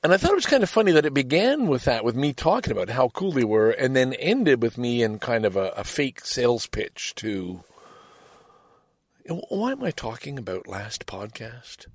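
A man's voice: medium pitch, breathy edge, no echo, studio quality. A man talking alone on his own podcast, rambling and reflective, often restarting his sentences. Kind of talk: casual solo podcast monologue.

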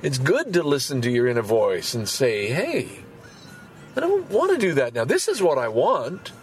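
A man of sixty-five hosting his podcast in a casual monologue, swinging from quiet musing to loud, cursing outbursts and repeating words to drive a point home. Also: mid-range voice, huge pitch swings, normal speed, slight background noise. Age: 60s. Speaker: podcast host.

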